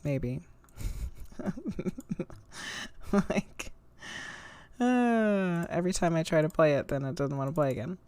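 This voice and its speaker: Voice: mid-range voice, takes it slowly, long pauses, darkish tone, clean tone. A podcast host chatting casually, attentive and affirming, running audio clips.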